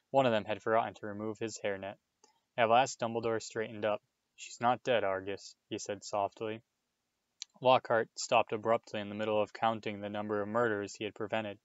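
A man reading a children's novel aloud in a steady, measured way. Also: on the low side, no echo, dull audio. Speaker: reader. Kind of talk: audiobook read-aloud.

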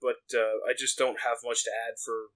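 A man's voice: mid-range voice, little pitch movement, moderate pace, fairly bright tone, low-quality recording. A man co-hosting a podcast in casual chat, laid-back and mostly giving short replies. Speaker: podcast co-host.

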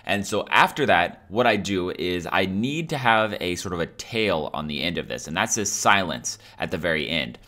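A man hosting a software tutorial, explaining each step in a casual, upbeat way. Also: sits low, animated, normal speed, few pauses. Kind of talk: screen-recorded software tutorial.

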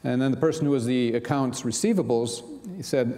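Middle-aged guy preaching a sunday sermon, mellow voice, lots of uhs and restarts, echoey big church. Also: mid-range voice, brisk, hardly any pauses. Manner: storytelling with frequent fillers and restarts. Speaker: minister. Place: large church sanctuary.

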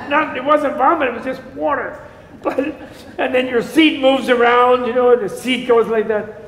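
A man's voice: very high voice, steady tone, normal speed, fairly bright tone. A man teaching a class on Buddhism in a casual, digressive lecture, joking and chuckling as he goes. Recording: echoey lecture room.

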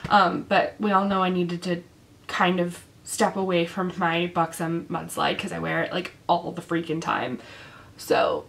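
A woman's voice: fairly low pitch, little pitch movement, a little slow, creaky, a bit bright. A young woman talks straight to the camera about makeup in a chatty, casual way. Her voice is worn and sick, and she leans on plenty of ums and likes as she goes. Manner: chatty with many fillers. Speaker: beauty vlogger. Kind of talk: casual product review.

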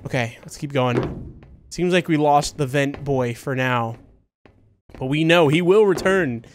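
A man hosting a horror game let's play, giving confused running commentary and bursting into excited yelps and laughter. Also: fairly high pitch, measured pace, noisy background. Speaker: gaming video host.

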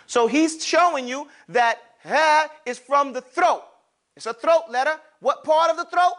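An unhurried man with an extremely high voice teaches a class the Arabic alphabet. His manner is lively: he calls on students, asks and answers his own questions, and makes slangy side comments.

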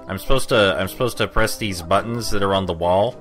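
A man's voice: low-pitched, a little fast, fairly bright tone. A young man giving rambling, sarcastic commentary over a game playthrough, with faint game music behind. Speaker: let's play commentator. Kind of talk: gameplay commentary.

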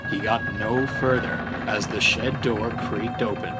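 A man's voice: on the low side, fairly even intonation, unhurried. A man reading a children's train story aloud in a storyteller style. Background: background music.

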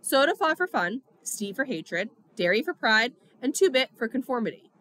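A woman narrating a novel in the first person with steady storytelling. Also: on the high side, normal speed. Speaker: audiobook reader.

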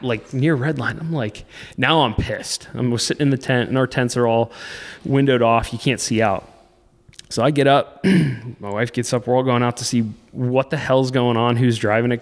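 Halting man telling a harrowing story. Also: medium pitch, big-room sound. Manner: halting, restarts phrases, intense. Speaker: podcast guest, off-road racer. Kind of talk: emotional personal storytelling.

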